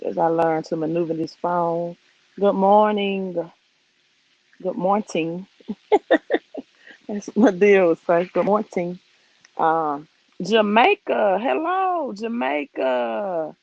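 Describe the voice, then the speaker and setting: A woman's voice: fairly low pitch, creaky, a little mellow, no room sound, highs cut off. A woman from Mississippi with a Mississippi Southern accent, hosting a casual finance live stream outdoors on her phone, chatty and conversational as she greets viewers.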